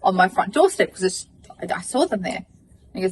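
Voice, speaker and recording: A woman's voice: medium pitch, moderate pace, distant mic, noisy background. An Australian woman in her thirties, a podcast co-host, telling a long story in casual chat, swearing and acting out what people said. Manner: animated, swearing, acts out dialogue.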